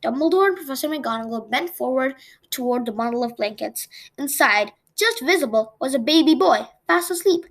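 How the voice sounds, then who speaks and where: A woman reading a novel aloud in a plain, steady storytelling manner for her channel. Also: high voice, normal speed. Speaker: read-aloud channel host.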